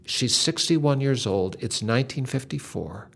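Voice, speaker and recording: A man's voice: medium pitch, expressive, unhurried, creaky, fairly bright tone, husky. An older man hosting a Christian talk, earnestly retelling a story with dramatic emphasis. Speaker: Christian podcast host.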